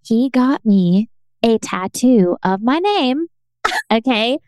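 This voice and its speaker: A young woman, co-hosting a podcast and telling a story in an animated, laughing way, full of fillers. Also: fairly high pitch, takes it slowly, smooth, no echo. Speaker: podcast co-host. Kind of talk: casual storytelling chat.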